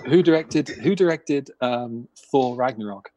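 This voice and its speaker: A man's voice: medium pitch, expressive, a little slow, dark tone, slight background noise, poor audio. A man on headphones in a casual group voice call, talking in a giggly, playful way. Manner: giggly, laughs between lines. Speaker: voice chat participant.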